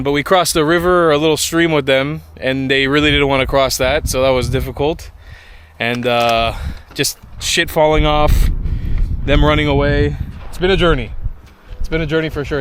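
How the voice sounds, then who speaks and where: A man's voice: on the high side, a bit bright. A young man talking to his camera outdoors in the countryside, a casual and candid travel vlogger who swears now and then. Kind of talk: casual travel vlog talk. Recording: music playing underneath the voice.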